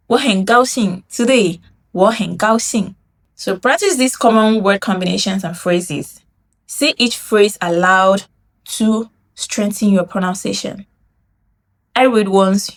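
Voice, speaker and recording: A woman teaching a Mandarin lesson in English, saying phrases slowly and drawing them out for learners to repeat. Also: mid-range voice. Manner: slow, drawn-out model phrases for learners to repeat; explains in English, demonstrates in Mandarin. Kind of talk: language lesson with repetition drills.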